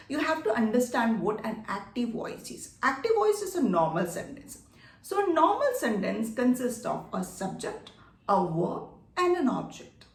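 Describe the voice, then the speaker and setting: A woman's voice: fairly high pitch, creaky, recorded from a distance. A woman teaching a grammar lesson, patiently repeating key points and checking that viewers follow. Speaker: English teacher. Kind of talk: explanatory online grammar lesson. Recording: echoey room, voice a bit off-mic.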